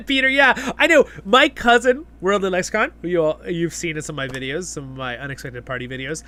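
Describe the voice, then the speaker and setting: Chatty bright-voiced male streamer. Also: high voice, brisk. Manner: chatty, reads viewer comments aloud; rambling with many fillers and restarts. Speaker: livestream host. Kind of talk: casual live-stream chat.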